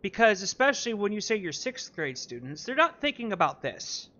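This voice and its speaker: A man with a high, sharp voice delivers reaction commentary in a blunt, sarcastic way, swearing now and then. The audio sounds dull and lo-fi. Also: sing-song, a little fast.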